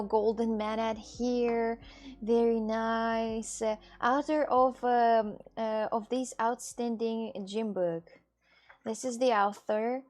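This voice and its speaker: A woman's voice: fairly high pitch, a little mellow. A young woman livestreaming, chatting casually with her viewers and often repeating herself. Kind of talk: casual chat with live viewers.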